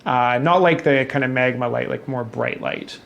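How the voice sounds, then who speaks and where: A man runs a tabletop game, his voice gravelly and sitting at an ordinary middle pitch. He narrates in halting stretches full of fillers and restarts, over a faint bed of background noise. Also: fairly bright tone. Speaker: game master.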